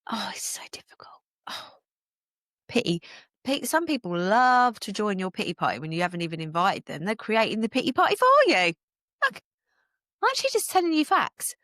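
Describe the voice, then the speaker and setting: A woman's voice: medium pitch, no room sound. Woman, from the UK, podcast host, motivational coach, emphatic, dry close sound. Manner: energetic, emphatic, motivational, laughs often. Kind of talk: solo podcast talk.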